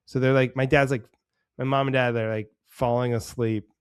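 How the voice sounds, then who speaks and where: A man's voice: mid-range voice, clear, resonant tone. Man telling a story in playful put-on voices. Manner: animated storyteller, mimics people in quick voices. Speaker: podcast co-host. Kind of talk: casual storytelling chat.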